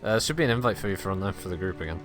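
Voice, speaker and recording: A man's voice: deep voice, lively intonation, very fast, over music. A man chatting casually and swearing cheerfully while playing a game on stream. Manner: joking, sweary, chatty commentary. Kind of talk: casual gaming chat.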